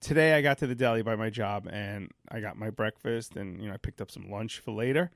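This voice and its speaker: A man's voice: on the low side, a little fast, gravelly, no room sound, studio quality. A man, a mail carrier co-hosting a podcast, telling rambling stories in a casual chat. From New York. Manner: rambling, self-interrupting anecdotes.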